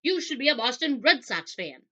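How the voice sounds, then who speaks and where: A woman voicing an exasperated young female time traveler who protests rapidly and emphatically. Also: sits high, big pitch swings, a bit bright, dull audio, voice pushed up, heavily acted.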